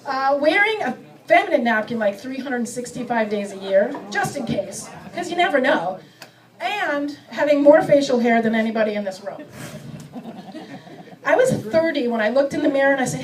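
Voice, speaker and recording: High-voiced menopausal woman doing stand-up. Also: lively intonation, far from the mic, rough recording. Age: middle-aged. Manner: self-mocking, acts out bits with quick voice shifts. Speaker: stand-up comedian. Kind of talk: stand-up comedy set. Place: comedy club stage before a live audience.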